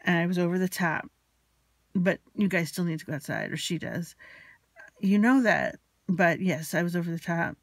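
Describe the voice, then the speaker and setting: A woman recounts a painful day in a confessional, rambling way, anxious and still shaken. Her voice has a gravelly, creaky texture. The sound is dry and close, with no room around it. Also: fairly low pitch, brisk, dry recording. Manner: anxious, rambling, retelling a quarrel with quoted dialogue. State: emotionally shaken. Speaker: vlogger. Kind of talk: confessional personal storytelling.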